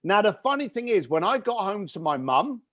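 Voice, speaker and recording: A man with a high, light speaking voice tells a story with real energy, acting out his family's lines as he goes. The sound is close and dry, with no room in it. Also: normal speed, dry recording. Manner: animated storyteller who acts out family dialogue. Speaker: podcast guest. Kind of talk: storytelling interview.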